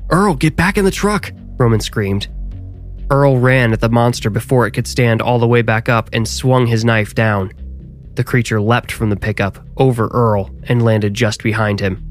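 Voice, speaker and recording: A man reading a scripted horror story aloud, with measured, dramatic storytelling. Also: fairly low pitch.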